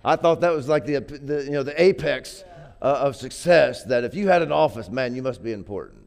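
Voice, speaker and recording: Man, preacher, sermon, smooth resonant voice, casual, repeats himself, builds to emphatic peaks. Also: medium pitch, a little fast, darkish tone. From grew up poor.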